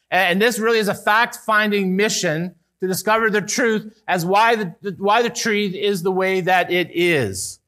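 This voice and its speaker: High-voiced earnest man preaching. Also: bright, forceful tone. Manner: earnest, rises and falls with emphasis, some restarts. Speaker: pastor. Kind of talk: sermon.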